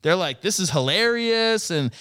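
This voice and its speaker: A young man telling a story in casual chat, animated and profane, laughing a lot and acting out what people said. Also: high-pitched, normal speed, dry recording, clean studio sound. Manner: animated, swearing, laughing often, acting out quotes.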